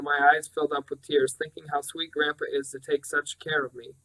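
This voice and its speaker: A man narrating an audiobook in a measured, steady reading voice. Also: fairly high pitch, low-quality recording.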